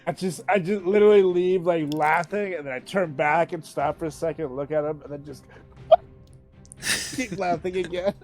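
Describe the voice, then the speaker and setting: A man playing in a tabletop game, enthusiastic and quick to laugh. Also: a little high, faint music behind. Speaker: player. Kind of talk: casual tabletop play.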